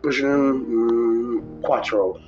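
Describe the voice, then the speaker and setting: A man telling rambling, profane stories from his driving work in a casual podcast chat, jumping into a high voice when quoting people. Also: fairly even intonation, slow pace, muffled recording, faint music behind. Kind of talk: casual storytelling.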